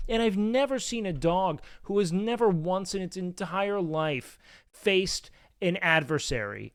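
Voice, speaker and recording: A man casually chatting on stream, his voice a touch higher than most men's. He rambles and swears through animated stories. The sound is dry and close, with no room echo. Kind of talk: casual storytelling chat.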